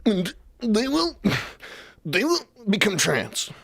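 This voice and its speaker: A man doing a high, strained older politician. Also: big pitch swings, takes it slowly, creaky, fairly bright tone, exaggerated voice. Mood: earnest. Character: impression of an older male politician, earnest and lofty.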